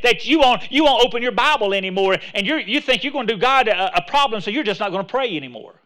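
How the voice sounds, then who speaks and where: Pastor, male, high bright voice; chatty sermon delivery with restarts, builds to emphatic calls. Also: lively intonation, quick pace, hardly any pauses. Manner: conversational preaching, rising to emphatic exhortation; repeats words and restarts phrases.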